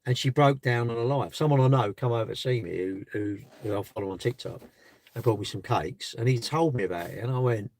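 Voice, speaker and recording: A man's voice: medium pitch, fairly quick, a little mellow. Rambling man streaming live from his car. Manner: rambling, restarts, rhetorical questions. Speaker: livestreamer. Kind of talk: casual live stream chat. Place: parked car.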